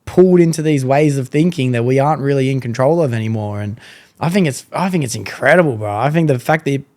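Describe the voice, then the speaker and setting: A man's voice: mid-range voice, fast, a little mellow. A man hosting a podcast in casual chat, slangy and enthusiastic, often calling his guest bro. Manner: slangy, says bro a lot, reacts with laughs. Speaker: podcast host.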